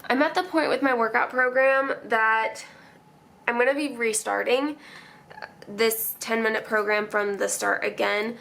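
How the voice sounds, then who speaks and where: A woman's voice: fairly high pitch, steady tone, measured pace, vocal fry, a bit bright. A young woman vlogger chatting casually and emotionally as she decorates her planner, rambling and laughing often.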